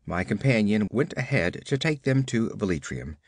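Conan, a gruff man voicing a barbarian. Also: lowish voice, big pitch swings, moderate pace, no echo, studio quality. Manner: curt, commanding. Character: gruff barbarian warrior, blunt and impatient.

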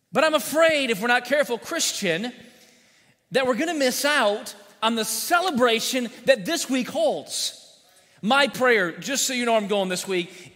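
A man's voice: high-pitched, sharp tone. A man preaching a sermon as pastor, folksy, telling jokes and asking the congregation questions. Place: church sanctuary. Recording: long church hall reverb.

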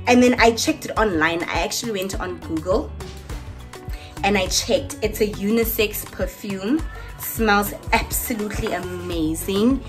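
A woman tells a casual storytime to her camera, lively and chatty, speaking straight to her viewers. Her pitch sits in the middle range for a woman. Faint music plays softly behind her. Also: unhurried. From South Africa. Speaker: YouTuber.

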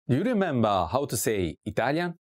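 A woman giving a scripted language lesson, asking slow drill prompts and repeating each word clearly. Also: a bass voice, big pitch swings, background noise. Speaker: language teacher.

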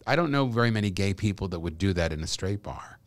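A middle-aged man chatting as a podcast guest, telling lively stories and laughing as he talks. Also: low voice, fast talker, dry recording. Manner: animated storyteller, laughs while talking. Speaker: guest, actor and comedian. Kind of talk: casual podcast chat.

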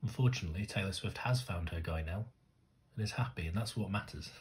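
Excitable man reacting to music videos. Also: sits low, fast talker. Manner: excitable, swears often, talks to the screen. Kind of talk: casual reaction commentary.

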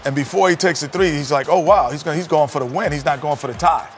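A man casually retelling a story he was told, in a lively way that builds as it goes. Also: a little high, fast, faint music behind. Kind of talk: casual anecdote telling.

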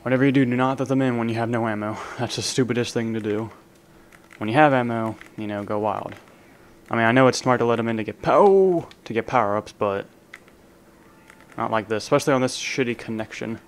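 Narrating live gameplay, a young gaming channel host jokes casually and bants with other players. Leaning in to his desk microphone to be heard, he speaks in a mid-range voice, a little fast.

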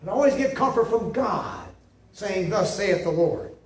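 Preacher guy with a high voice, pushy and repeating himself, sounds far from the mic. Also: expressive, normal speed. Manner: emphatic, repetitive, asks "see?". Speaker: pastor. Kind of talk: sermon. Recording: echoey room, mic at a distance.

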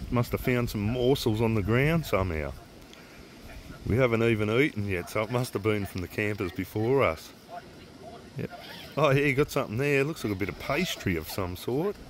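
A man's voice: medium pitch, a little hiss or hum. An Australian man vlogging outdoors in the bush with casual, enthusiastic commentary on wildlife and views. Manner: enthusiastic, keeps calling things mad and magic. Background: guitar music.

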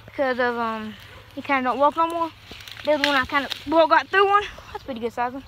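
A woman's voice: high voice, expressive, fairly quick. Breathless young woman in a cornfield. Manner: chatty, rambling, talks to viewers. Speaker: vlogger. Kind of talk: casual vlog. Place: outdoors in a cornfield. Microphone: phone held in one hand. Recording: noisy outdoor phone recording.

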